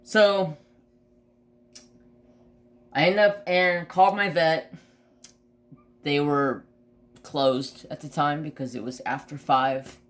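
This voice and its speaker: A man's voice: a little high, steady tone, slow, pauses often, fairly bright tone. A man hosting a crafting channel, telling a long personal story in casual chat, swearing freely and restarting his sentences.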